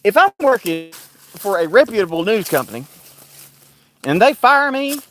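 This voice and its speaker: A man's voice: sits high, very animated, normal speed, a bit bright. A man delivering a casual, heated monologue as an online commentator, sarcastic and keen on repeating a mocking refrain.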